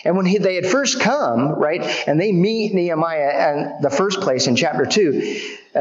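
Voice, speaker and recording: A man preaching a sermon, reading scripture aloud and acting out mocking voices. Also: fairly high pitch. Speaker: pastor. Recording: echoey hall, dull lo-fi sound.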